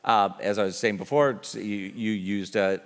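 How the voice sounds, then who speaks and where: A man's voice: fairly low pitch, steady tone, moderate pace. A man moderating a conference panel, asking questions with many hesitations. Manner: hesitant, full of uh and um. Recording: long hall reverb.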